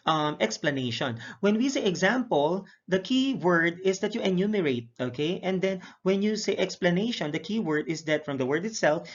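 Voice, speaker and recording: A male English teacher recapping a lesson, speaking in a measured way, repeating each word pair slowly with frequent "okay" and "uh" fillers. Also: on the high side. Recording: dull lo-fi recording.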